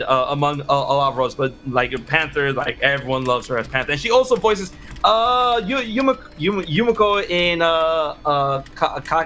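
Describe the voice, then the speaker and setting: A man in a casual interview, telling stories in an animated way, with many restarts and excited quoted voices. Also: on the high side, a little hiss or hum. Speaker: interview guest, content creator.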